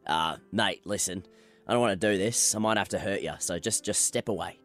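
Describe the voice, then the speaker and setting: A gruff Aussie nightclub bouncer who talks low and soft but means business, as a radio host puts him on. His voice sits lower and quieter than the host's own, with music faint behind. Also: brisk. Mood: menacing. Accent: Australian. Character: gruff male nightclub bouncer, calm and threatening.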